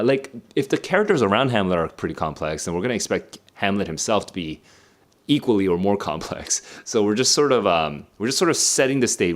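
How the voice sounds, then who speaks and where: A young man streaming a live read-along of a play, thinking aloud with many fillers and restarts. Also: low voice.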